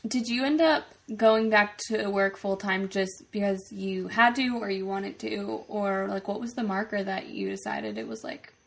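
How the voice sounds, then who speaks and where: A woman's voice: mid-range voice, moderate pace, vocal fry, hardly any pauses. A young woman with a mid-range voice chats casually on a podcast. She laughs often as she talks. Her delivery is easygoing and friendly. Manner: giggly, laughs often while talking. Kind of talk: casual chat.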